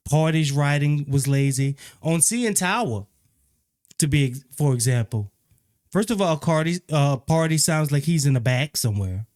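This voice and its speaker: Opinionated man reviewing an album. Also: fairly high pitch. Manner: opinionated, repeats phrases, animated when critical. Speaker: music reviewer. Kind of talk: casual spoken album review.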